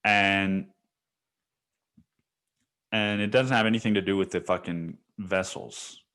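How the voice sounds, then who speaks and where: Deep-voiced man telling a story. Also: steady tone, takes it slowly, sharp tone, clear, resonant tone. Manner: casual, profane storytelling with quoted dialogue. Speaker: podcast host. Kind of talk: solo podcast storytelling.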